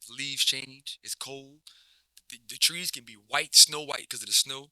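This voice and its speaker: A man's voice: mid-range voice, normal speed, no echo. Laid-back man rambling with restarts. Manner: relaxed, rambling, many restarts and slang. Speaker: basketball coach, guest. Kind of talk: casual interview chat.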